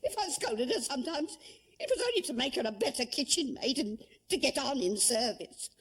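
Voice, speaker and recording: Husky, tearful cook. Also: female voice, high voice, very animated, a little fast, exaggerated voice. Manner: defensive, then tearful and heartfelt. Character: proud touchy older female household cook. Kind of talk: period television drama.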